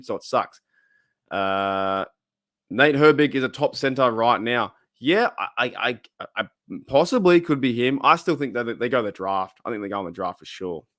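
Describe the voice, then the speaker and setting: A man with an Australian accent and a hoarse, cracking voice, hosting a casual live chat and reading out viewer comments. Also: medium pitch, a bit bright, no room sound, clean studio sound. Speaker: livestream host. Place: home room.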